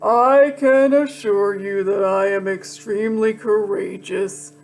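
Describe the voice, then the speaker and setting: A woman's voice: mid-range voice, steady tone, slow pace, a little mellow, faint music behind. A woman voicing an earnest male pirate recruit who vows courage in formal wording.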